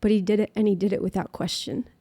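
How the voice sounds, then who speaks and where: A woman's voice: medium pitch, steady tone, fast, mellow, husky. A young woman, a podcast guest, chatting through a personal story and peppering it with "like". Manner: chatty, heavy use of filler "like".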